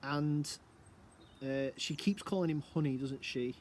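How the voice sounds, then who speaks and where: A man's voice: on the high side, measured pace, a little mellow, a little hiss or hum. A man giving a casual recorded English lesson from home, musing aloud and asking rhetorical questions. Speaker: English teacher. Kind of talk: recorded lesson explaining a play.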